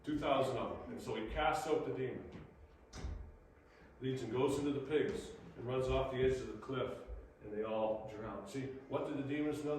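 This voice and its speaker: A man preaching a sermon, animated, acting out the voices in his stories. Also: medium pitch, slight background noise. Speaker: pastor. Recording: echoey room, from far off.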